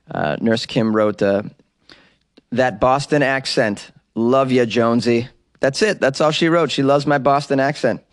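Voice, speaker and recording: A man's voice: on the low side, no room sound, clean studio sound. A man, a comedian, hosting his podcast in a chatty, upbeat, rambling monologue.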